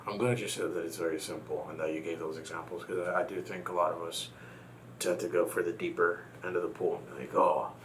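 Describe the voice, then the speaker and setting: A man's voice: low-pitched, little pitch movement, quick pace, a little hiss or hum. A man from Texas, a guest in a casual conversation, talking reflectively and telling a personal story.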